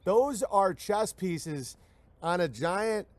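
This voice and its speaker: A man's voice: high-pitched, animated, very slow, no room sound. A man hosting a livestream show, ranting in a rambling comic way, reading viewer messages and acting out the voices he quotes. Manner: sardonic, acts out quoted voices mid-sentence. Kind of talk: rambling comedic rant.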